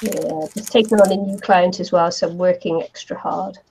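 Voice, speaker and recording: A woman with a New Zealand accent hosting a casual crafting livestream, losing her voice from hay fever and slowly explaining each step as she works. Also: fairly low pitch, fairly even intonation, a little mellow, slight background noise, low-quality recording. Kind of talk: casual chat while crafting.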